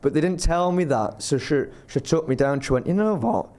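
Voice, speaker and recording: A man's voice: on the high side, brisk, darkish tone. A man telling casual stories as a podcast guest, rambling and self-interrupting and laughing as he talks. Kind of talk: casual storytelling.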